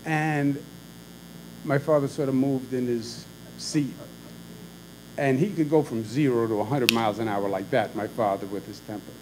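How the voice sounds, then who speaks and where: A man's voice: medium pitch, fairly even intonation, moderate pace, noisy background. A man, a governor telling wry anecdotes in a conversational public speech. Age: 60s.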